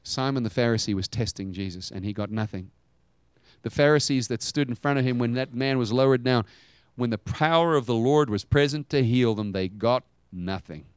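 A man preaching a sermon, retelling a story dramatically and swinging between loud high bursts and hushed low passages. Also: normal speed, clean tone, no echo.

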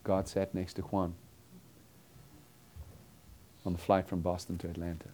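Guy preaching a story sermon, lowish voice, earnest, acts out the dialogue, goes quiet on the big lines. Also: completely flat delivery, fast.

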